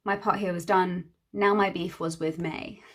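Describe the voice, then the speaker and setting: A woman's voice: fairly low pitch, fairly even intonation, moderate pace. Chatty young woman telling a storytime. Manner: chatty, exasperated, acts out quoted dialogue. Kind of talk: casual storytime while doing her makeup.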